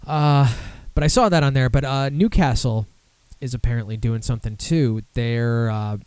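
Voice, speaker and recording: A man's voice: medium pitch, normal speed, darkish tone, smooth, no echo. A man hosting a casual podcast, rambling with many fillers and restarts and swearing freely. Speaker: podcast host. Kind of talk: casual beer podcast chat.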